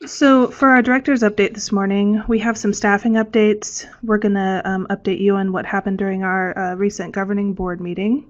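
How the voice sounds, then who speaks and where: A woman hosts an online forum in a friendly, slightly halting way, full of small fillers. Her voice sits at mid pitch, and the audio sounds dull and muffled. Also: little pitch movement. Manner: friendly, hesitant, with many fillers. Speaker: communication strategist and forum MC. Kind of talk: online presentation.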